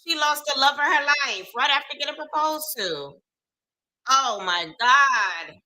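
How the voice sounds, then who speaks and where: A woman's voice: sits high, a little slow, sharp tone, rough recording. A young woman giving live reaction commentary on reality TV, exclaiming and talking to her viewers in casual slang.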